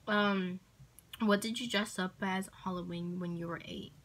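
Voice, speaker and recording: Brief: casual woman vlogger, mid-pitched, hesitant and chatty. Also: steady tone, measured pace, background noise. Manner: rambling, hesitant, with many ums and likes. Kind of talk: casual Q&A tag video.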